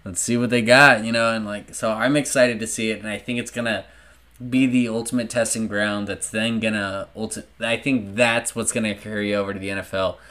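A man talking as a podcast guest, rambling and animated, swearing freely. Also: lowish voice, brisk. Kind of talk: casual chat.

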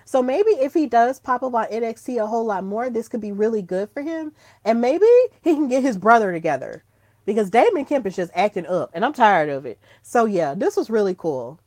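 A woman hosting her own podcast in casual solo chat, gushing and excitable, breaking into squeals when thrilled. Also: fairly high pitch, fairly quick, no room sound. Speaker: podcast host.

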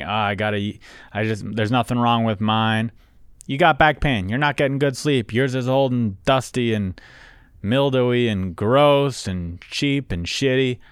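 A podcast host reading a sponsor ad in a chatty, emphatic and crude way. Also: male voice, mid-range voice, no room sound, studio quality. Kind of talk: host-read ad, casual.

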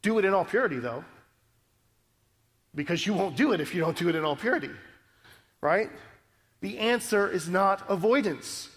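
A man's voice: sits high, fairly bright tone, in a large hall. A male pastor preaching a sermon in an earnest, conversational way, often checking in with the congregation. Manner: earnest, conversational preaching with frequent "right?" asides.

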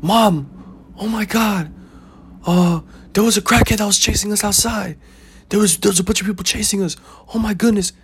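A man's voice: sits high, lively intonation, fairly quick, creaky, few pauses, noisy background, voice pushed up. A man voicing a panicked teenage boy blurting out to his mother, stammering and breathless.

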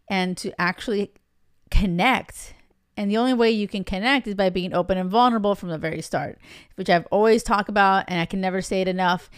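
A young woman coaching listeners on dating in a podcast monologue, blunt and direct, with casual swearing mixed into her advice. Her voice is smooth and clear, recorded close and dry with no room sound. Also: mid-range voice, no room sound.

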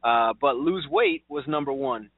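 A man's voice: mid-range voice, lively intonation, unhurried, no room sound. A man hosting a radio talk show in a casual, chatty way, laughing easily and quizzing his co-host. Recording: tinny phone-like sound.

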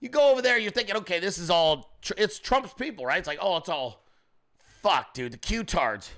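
Man, brash crude host, rambling chat to viewers, lively swinging pitch, bright forceful tone. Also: moderate pace. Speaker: show host. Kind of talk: profane casual commentary.

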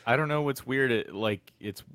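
A man's voice: mid-range voice, moderate pace, a bit bright, slight background noise. A man co-hosting a casual podcast chat, adding short, laughing comments. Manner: brief, laughing interjections. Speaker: podcast co-host.

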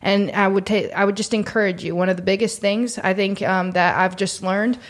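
A woman co-hosting a faith-based podcast, earnest and encouraging, slowing down to guide listeners through deep breaths. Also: fairly even intonation. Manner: earnest, encouraging, speaks slowly when leading prayerful moments. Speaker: podcast co-host.

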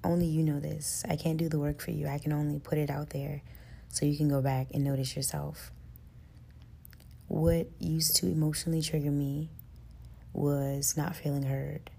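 A woman's voice: flat delivery, moderate pace, creaky, husky. A woman hosting a self-help podcast, talking earnestly and casually with lots of fillers. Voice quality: says her voice is high-pitched and gets loud with passion. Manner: earnest, conversational, lots of fillers like "like" and "you know". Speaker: podcast host.

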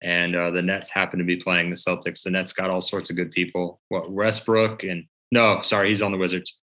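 A man's voice: sits low, flat delivery, a little fast, sharp tone. A man co-hosting a podcast in casual sports chat, teasing the others and laughing at his own jokes. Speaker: podcast co-host.

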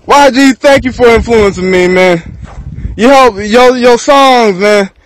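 A man's voice: extremely high pitch, measured pace, poor audio. A man from Texas, rambling through a profane freestyle rant to camera and laughing between thoughts.

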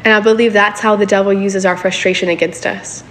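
A woman's voice: mid-range voice, fairly even intonation, fairly quick, a bit bright. A woman preaching a sermon in a casual, conversational way, often checking in with her listeners for agreement.

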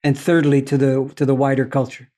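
A man speaking as a podcast guest, talking in a deliberate, philosophical way and telling stories, often checking in with "you see?". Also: medium pitch, level tone, mellow. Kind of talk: reflective conversational storytelling.

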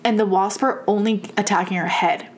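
A young woman telling a story in casual chat, animated and profane, laughing often. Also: medium pitch, fairly quick.

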